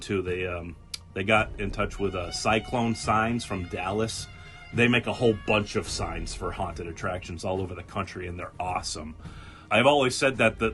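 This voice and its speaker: A man hosting a casual podcast, telling stories in an animated way and acting out quoted people with laughter. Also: on the low side. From New England. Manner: animated storyteller, acts out quotes, laughs often. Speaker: podcast host.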